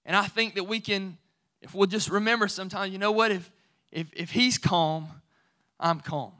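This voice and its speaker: A man preaching to his congregation in a high, bright voice. He talks in a loose, conversational way, then builds to firm, emphatic declarations. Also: fairly even intonation, moderate pace. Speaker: pastor. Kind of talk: sermon.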